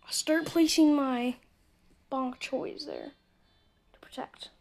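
A woman with a high, bright voice plays a mobile game and chats to her viewers the whole time, slipping into muttered asides. Her intonation stays fairly even and her pace slow, and it sounds captured on a phone's screen-recording mic.

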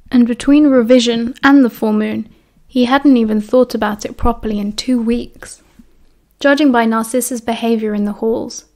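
A British woman reads an audiobook aloud with a steady storytelling pace. Her voice sits a little high for a woman. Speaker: audiobook reader. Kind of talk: audiobook narration.

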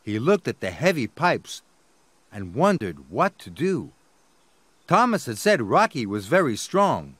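An American man narrating a children's story in an expressive storyteller manner. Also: mid-range voice, a little slow, husky, no echo.

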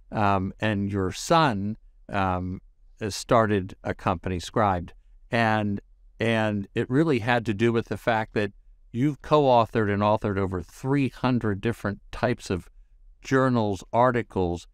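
A man hosting a podcast interview, enthusiastic and halting, with many fillers and restarts. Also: fairly low pitch, clean tone, dry recording, studio quality. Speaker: podcast host.

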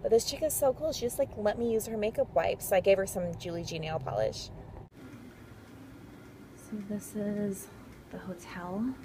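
A woman's voice: medium pitch, normal speed, long pauses. A woman talking casually to camera in a travel vlog, chatty and full of "like" and "um". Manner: chatty, filler-heavy with frequent "like" and "um". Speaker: vlogger. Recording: handheld vlog with noisy background ambience.

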